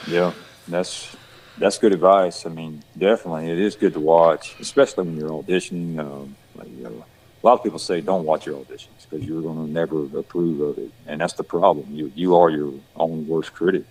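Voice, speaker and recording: Southern country guy, real deep voice, loose rambly chat, lots of "you know". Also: fairly even intonation, brisk, a little mellow, husky, rough recording. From rural Georgia, west of Atlanta. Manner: rambling, many fillers and restarts. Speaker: actor guest. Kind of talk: casual chat.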